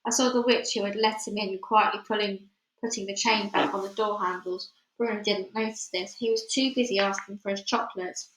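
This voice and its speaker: A woman reading a children's novel aloud with clear storytelling, then chatting hesitantly as she signs off. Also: medium pitch, steady tone, a little fast, a bit bright. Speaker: audiobook reader. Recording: roomy echoey room.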